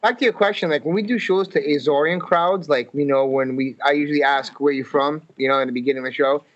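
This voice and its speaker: A man's voice: fairly high pitch, fast, muffled recording. A man from Massachusetts, a comedian guest in a casual podcast chat, telling stories and acting out the quotes. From Fall River, Massachusetts. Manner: animated storyteller, acts out quotes.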